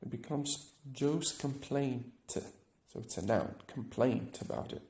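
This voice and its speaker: A man with a gravelly, creaky voice teaches a grammar lesson, walking through examples step by step and checking in with "right?". The recording has a noticeable echo from the room. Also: mid-range voice, measured pace, warm tone. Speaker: English teacher.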